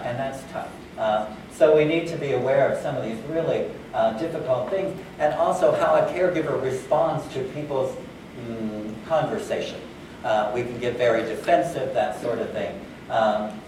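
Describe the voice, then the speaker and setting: A man talks to a conference crowd in a relaxed, conversational way, dropping fillers and voicing the people he quotes. His voice sits at a middle pitch and comes from some way off the mic. The hall rings with heavy echo, and a faint hum runs underneath. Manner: conversational, many fillers, acts out quoted dialogue. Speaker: conference speaker. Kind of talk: conference talk. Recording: echoey hall, far from the mic.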